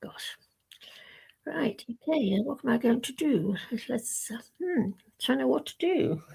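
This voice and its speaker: An older woman hosting a casual live stream, rambling along unhurriedly as if talking to herself. Her voice sits high and carries a gravelly fry. She drifts from one thought to the next in a relaxed, chatty way. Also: unhurried.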